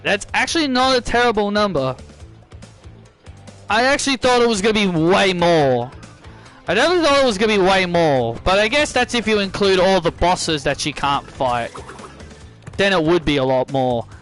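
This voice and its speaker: A man's voice: sits high, big pitch swings, moderate pace, a bit bright, faint music behind. A man streaming a video game, chatting casually and rambling, often repeating and correcting himself. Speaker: gaming streamer. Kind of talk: casual gameplay commentary.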